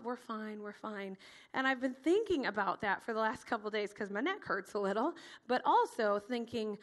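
High-voiced woman teaching with lively stories. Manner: animated, acts out quotes, laughs often. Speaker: children's Bible teacher trainer. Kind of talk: teaching talk with storytelling.

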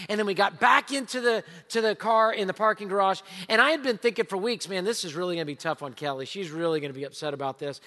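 Lively pastor in a reverberant hall. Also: male voice, extremely high pitch. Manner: lively storytelling, swings between loud and hushed. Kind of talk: sermon.

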